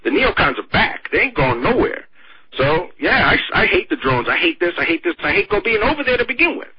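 A man talking politics in casual chat, sarcastic and mocking, with a husky voice. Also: high voice, big pitch swings, brisk, no room sound. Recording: dull lo-fi radio sound.

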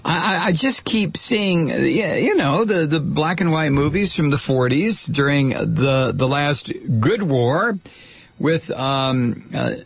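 A man's voice: mid-range voice, gravelly, husky, no echo. A man hosting a radio talk show, delivering a sarcastic, incredulous, rambling monologue full of restarts.

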